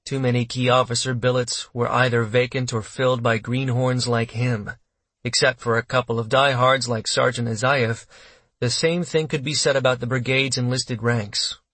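Measured male audiobook narrator, dry sound. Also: mid-range voice, no echo. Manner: steady, measured storytelling. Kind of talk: scripted narration.

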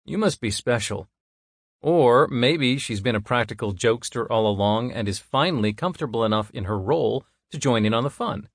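A man's voice: mid-range voice, animated, normal speed, dry recording, studio quality. A man voicing a jovial male ER nurse who teases a coworker. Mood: teasing.

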